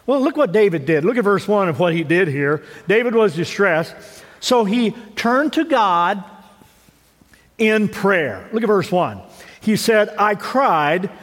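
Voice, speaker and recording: High-voiced preacher in a reverberant hall. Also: male voice, sing-song, a little slow. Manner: conversational preaching with rhetorical questions and repeated words. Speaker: pastor. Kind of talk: sermon. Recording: long reverb of a church hall.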